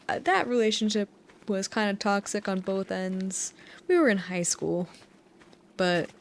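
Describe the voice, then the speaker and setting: Close on a USB dynamic mic at home, a young US woman in her twenties chats while playing a game, her voice fairly high-pitched. As a gaming YouTuber doing rambling sleep-time gameplay talk, she tells wandering stories and giggles often; slight hiss or hum is audible.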